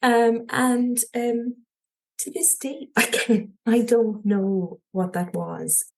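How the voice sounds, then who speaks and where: A woman with a Cork Irish accent, a podcast guest telling a personal story in an animated way, often laughing lightly and restarting her sentences. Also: fairly high pitch, takes it slowly, vocal fry. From Cork, Ireland.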